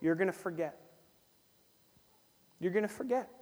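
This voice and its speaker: A man's voice: high voice, normal speed, a little mellow. A man preaching a sermon to his church, acting out little dialogues and repeating phrases for emphasis. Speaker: pastor. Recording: long reverb of a church hall.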